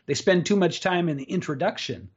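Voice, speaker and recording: Male guest, speaking coach, raised pitch, confident storyteller, muffled lo-fi call audio. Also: animated, brisk, husky. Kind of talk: casual interview storytelling. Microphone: remote call setup.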